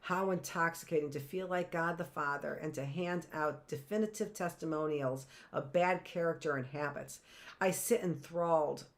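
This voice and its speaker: A woman teacher reading a novel aloud in a measured, expressive way. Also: low-pitched.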